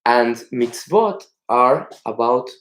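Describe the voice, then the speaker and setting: Lively male rabbi teaching. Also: mid-range voice, slow. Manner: animated storytelling, acts out characters. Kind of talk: teaching a text-study class.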